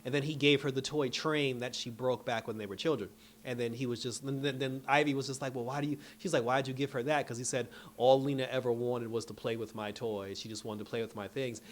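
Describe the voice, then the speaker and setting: Guy excitedly retelling a show, does the characters' lines, medium pitch. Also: fairly quick. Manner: animated storytelling, acts out characters' lines, laughs often. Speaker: show reviewer. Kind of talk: casual episode recap.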